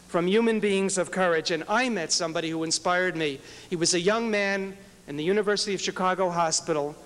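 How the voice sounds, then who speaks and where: A man's voice: high-pitched, clean tone. A man, a rabbi, telling a personal story in an earnest, inspirational speech at an event. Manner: earnest, storytelling, acts out quoted prayers softly. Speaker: rabbi and speaker. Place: large event hall. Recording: hall with long reverb.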